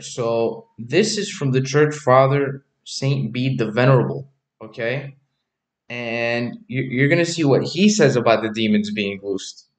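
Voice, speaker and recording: A man's voice: mid-range voice, echoey room. A man giving casual preaching commentary on his channel, chatty, often repeating himself and asking "right?" and "okay?". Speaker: religious YouTuber.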